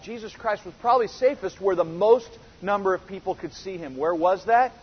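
A man teaches a Bible lesson verse by verse, earnest and full of rhetorical questions, often restarting his sentences. His high-pitched, slightly rough voice runs a little fast with few pauses. The recording has a reverberant hall sound and is dull and lo-fi.

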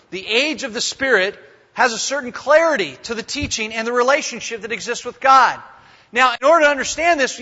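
A man preaching a sermon in an animated way, voicing sarcastic paraphrases with exaggerated emphasis. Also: extremely high pitch, breathy edge. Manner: animated, shifts into mock voices for sarcastic paraphrase. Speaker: pastor. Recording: dull lo-fi sound with long hall reverb.

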